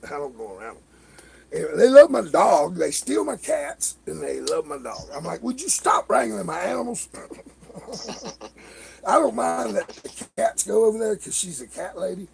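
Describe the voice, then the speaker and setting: Raspy, animated man telling stories. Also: fairly high pitch. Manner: animated, swearing, laughing storyteller who acts out others' lines. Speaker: livestream host. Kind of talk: casual storytelling chat.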